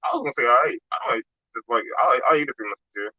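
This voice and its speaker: Podcast co-host, man, deadpan wisecracks, dry, lo-fi sound. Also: medium pitch, fast, no echo. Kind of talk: casual podcast chat.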